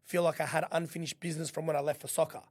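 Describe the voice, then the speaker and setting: An Australian man tells his stories as a podcast guest, rattling along at a rapid clip. His voice sits a little high, and he swears freely while acting out what others said. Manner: animated, swears freely, acts out quotes. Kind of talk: casual storytelling.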